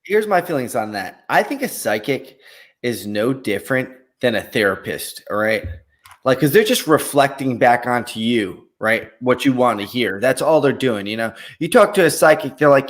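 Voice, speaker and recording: A man from Long Island, a comedian guest on a podcast, telling jokes and stories in an animated, casual way. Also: mid-range voice, moderate pace. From Long Island, New York. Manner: animated joke-telling storyteller.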